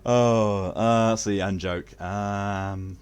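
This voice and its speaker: A man's voice: fairly low pitch, steady tone, extremely slow, a little mellow, clean tone, soft background music. A man streaming a video game, chatting casually with his viewers, joking, swearing freely and laughing often. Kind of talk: casual gaming stream chat.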